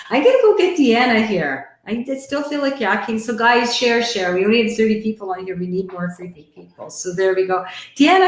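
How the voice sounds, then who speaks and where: A woman with a Canadian accent hosting a live online chat, gushing and excitable in casual conversation. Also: medium pitch, reverberant. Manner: gushing, excitable, quick to laugh.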